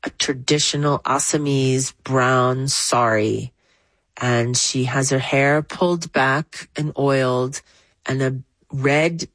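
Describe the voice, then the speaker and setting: A woman, a writer, telling an animated first-hand story with soft music behind. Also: no echo, low-quality recording. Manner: animated, rising pitch when excited. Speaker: interviewee. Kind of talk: storytelling in an interview.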